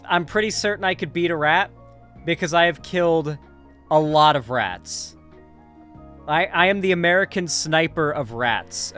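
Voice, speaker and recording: A man's voice: on the high side, a bit bright. A young man hosting a casual live commentary stream, loose and rambling, swearing casually and tagging his lines with questions.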